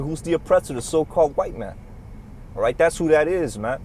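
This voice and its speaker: A man's voice: a little high, lively intonation, fairly quick, a little mellow. A man preaching a heated, profane religious rant inside a moving truck, recorded on a phone. He talks in a repetitive, confrontational way. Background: engine and road noise.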